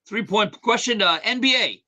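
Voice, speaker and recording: Bright high-voiced man reading trivia. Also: lively intonation, poor audio. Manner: reads questions briskly with multiple choice options. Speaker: trivia question reader. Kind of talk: radio show trivia reading.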